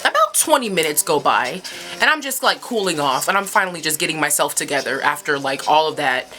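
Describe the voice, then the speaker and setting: A young woman tells a story for her vlog, with a bright, sharp voice that swings all over in pitch. She talks in a casual, profane way and jumps into sudden high yelps. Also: animated, a little fast. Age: young adult. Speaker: vlogger.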